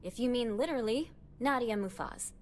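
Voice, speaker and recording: Woman voicing weary newsroom researcher, dry, sardonic, higher voice with swinging pitch, game dialogue. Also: expressive, brisk, a little hiss or hum, lightly acted. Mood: sarcastic. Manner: dry, sarcastic. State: tired. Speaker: game character. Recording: game audio with music behind.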